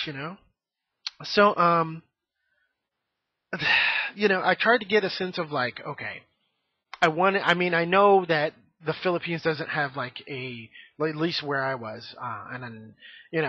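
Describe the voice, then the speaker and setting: A man's voice: a little high, no room sound. Rambling man vlogging, dull dry sound. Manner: rambling, frank, many fillers and "you know". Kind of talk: casual monologue to camera. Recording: dry, dull lo-fi home recording.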